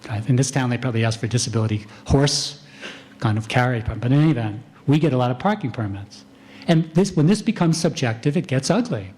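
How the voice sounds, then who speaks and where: A man, a physician, giving a conference lecture in a calm, conversational manner, acting out doctor-patient exchanges. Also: mid-range voice. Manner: calm, unhurried delivery.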